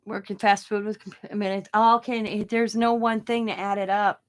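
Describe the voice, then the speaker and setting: A woman's voice: medium pitch, level tone, normal speed. A middle-aged woman chatting casually about her day while she crafts, rambling and laughing as she goes. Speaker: craft vlogger.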